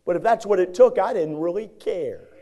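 A man preaching a sermon, telling a personal story in a folksy, animated way and acting out the other people in it. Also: high voice, moderate pace.

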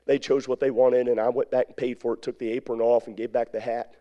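A man's voice: mid-range voice, level tone, fast talker, mellow, dull audio. A man, an evangelist, preaching by telling a folksy story in a rambling way, full of repetitions and asides. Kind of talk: storytelling sermon.

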